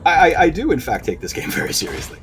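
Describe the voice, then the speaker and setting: A man giving casual, profane gameplay commentary, excitable and animated. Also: a little high, fast talker. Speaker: let's play streamer.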